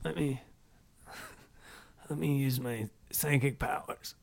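A man's voice: medium pitch, slow, vocal fry, a little mellow. A man voicing a crude, brash female barkeep from the backwoods who claims psychic powers. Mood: mystical. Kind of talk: improvised tabletop role-play.

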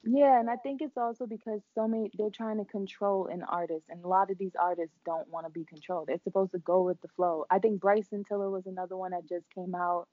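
Husky young woman chatting casually. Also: mid-range voice, a little fast, hardly any pauses, no room sound, narrow, tinny audio. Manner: animated, hums melodies, drops to a whisper for gossip. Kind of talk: casual chat.

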